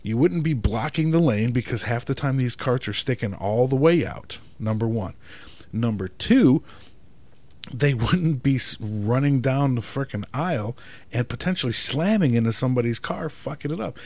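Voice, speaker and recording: Speaking to camera, a man delivers an exasperated, emphatic rant, swearing constantly and repeatedly asking "right?" for agreement. His middle-pitched voice swings up and down a lot, expressive and a little mellow, at a moderate pace with no room sound.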